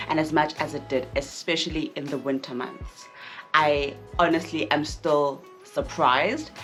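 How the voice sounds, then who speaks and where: A young South African woman chats candidly to her camera with a slightly low-pitched voice. She speaks frankly and doubles back on phrases to drive her points home. Faint music hums in the background. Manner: frank and chatty, repeats phrases for emphasis. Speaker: vlogger. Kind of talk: casual candid vlog talk to camera.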